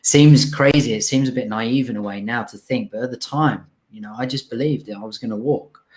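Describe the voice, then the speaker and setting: A young man being interviewed shares a personal story with real emotion, often halting and starting over. His voice is medium-pitched with a darkish tone.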